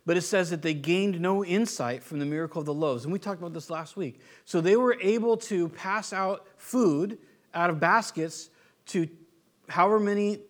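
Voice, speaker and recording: A man's voice: sits high, moderate pace. An American man preaching a sermon, telling stories in a conversational way and often restarting his sentences. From United States. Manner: conversational storytelling with frequent restarts. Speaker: pastor.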